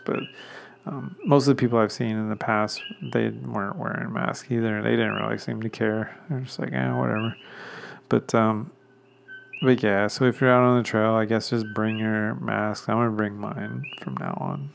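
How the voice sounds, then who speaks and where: A man hosting a casual solo podcast, rambling along with many pauses and restarts and chuckling at himself now and then. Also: medium pitch, creaky, a little hiss or hum. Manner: chuckles self-consciously. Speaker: podcast host.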